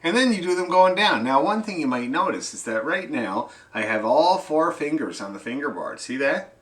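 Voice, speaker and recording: A middle-aged man teaching fiddle to an online class, explaining in a relaxed, folksy way and calling out notes loudly while he plays. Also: a little high, normal speed. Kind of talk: online group music lesson. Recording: loud fiddle music behind the voice. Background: fiddle playing.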